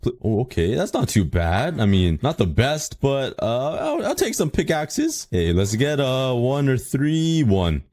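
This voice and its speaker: A young man giving casual, excitable gameplay commentary, reacting fast and often laughing. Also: mid-range voice, no room sound, studio quality. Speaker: gaming YouTuber.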